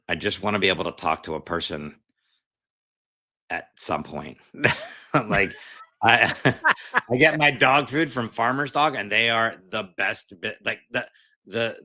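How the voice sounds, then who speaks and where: A man who is a comedian guest on a podcast, telling a casual, animated rant and putting on voices to mimic others. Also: lowish voice. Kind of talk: casual chat.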